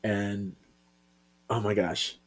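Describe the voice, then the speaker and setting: A man co-hosting a podcast in casual chat, earnest and emotive, his sentences often trailing off softly. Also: on the low side, flat delivery, extremely slow, a little hiss or hum. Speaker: podcast co-host. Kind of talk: casual chat, reading a comic aloud.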